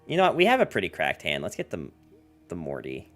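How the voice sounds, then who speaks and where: A deep-voiced man with fairly bright tone and wildly swooping pitch streams a card game at a quick pace, faint music behind him. He chats casually and ramblingly with viewers, full of "like" and "um" and jokey asides.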